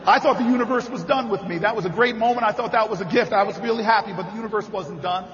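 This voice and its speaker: A politician telling a story and building to rally cries in an impassioned campaign speech at a convention. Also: male voice, high voice, fast, hardly any pauses, a bit bright. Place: large convention hall. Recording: reverberant hall, dull sound.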